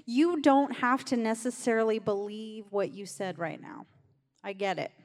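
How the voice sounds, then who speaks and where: Woman pastor, fairly high voice, conversational sermon, long church-hall reverb. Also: normal speed, darkish tone. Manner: conversational, urging the congregation along. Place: church sanctuary.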